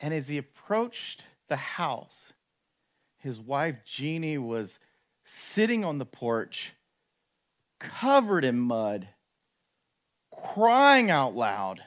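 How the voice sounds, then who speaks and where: A man preaching a sermon, telling a story animatedly and slowing down for dramatic moments. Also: on the high side, very animated, fairly bright tone.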